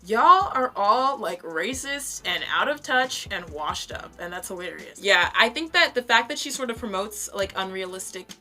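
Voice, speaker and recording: A woman's voice: mid-range voice, expressive, moderate pace, hardly any pauses, bright, forceful tone. A young woman giving casual, blunt, profane commentary as she roasts other creators in her vlog, chatty and full of fillers. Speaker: vlogger reviewing other creators.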